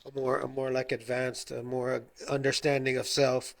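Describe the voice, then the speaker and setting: A man's voice: medium pitch, little pitch movement, normal speed, vocal fry. A man hosting a podcast in casual conversation, affirming the guest and finishing his thoughts. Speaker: podcast host.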